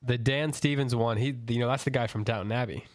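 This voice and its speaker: A man hosting a casual book club podcast, relaxed and steering the talk. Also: medium pitch, fast talker, no room sound. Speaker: podcast host.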